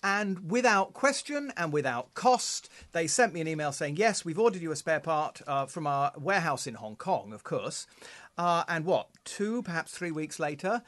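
A man co-hosting a podcast, telling stories in a lively way and laughing easily. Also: fairly high pitch, normal speed, few pauses. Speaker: podcast co-host. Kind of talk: casual podcast chat.

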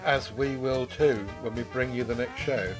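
A man's voice: medium pitch, steady tone, moderate pace, soft background music. An older man hosting a podcast, chatting in an easygoing, rambling way. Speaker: podcast host. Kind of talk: casual chat.

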